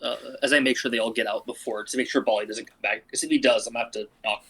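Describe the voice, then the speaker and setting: A man speaking as a player in a tabletop game, in a relaxed, matter-of-fact way. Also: mid-range voice, racing, husky, poor audio. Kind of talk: casual tabletop game play.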